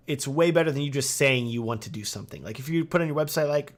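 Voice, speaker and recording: A man's voice: fairly high pitch, quick pace, few pauses. A man with a Texan accent hosting a casual livestream Q&A, answering viewer questions in an upbeat way with lots of "um" and "like". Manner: casual and upbeat, many fillers like "um" and "like". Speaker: wedding videographer hosting a livestream Q&A.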